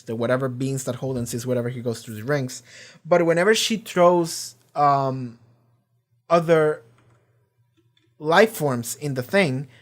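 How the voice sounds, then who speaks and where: Casual, swearing man recapping a show. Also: mid-range voice. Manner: rambling, profane, enthusiastic retelling with many fillers. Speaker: reaction channel host. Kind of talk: casual episode recap and discussion.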